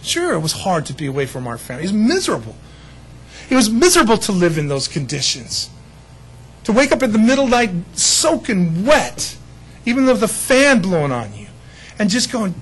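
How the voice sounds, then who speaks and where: A man preaching a sermon as pastor, animated, acting out other people's voices with self-deprecating humor. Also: high-pitched, a little fast, slight background noise, rough recording.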